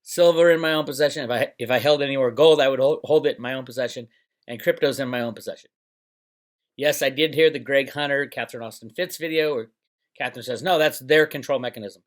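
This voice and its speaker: In a casual monologue to camera from his Northern California home, a middle-aged man running his own channel rambles, gets sarcastic and puts on voices to mock others. He talks fast at medium pitch.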